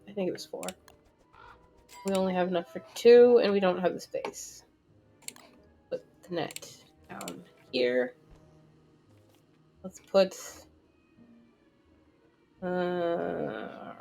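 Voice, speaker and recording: A woman's voice: on the low side, creaky, a little mellow. A woman streamer chatting casually while she plays a game, rambling with many restarts and fillers. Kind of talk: casual gameplay chat.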